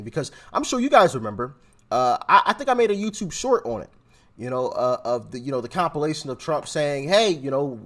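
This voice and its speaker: A man hosting a reaction channel, commenting on clips in an excitable, teasing way. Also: fairly high pitch.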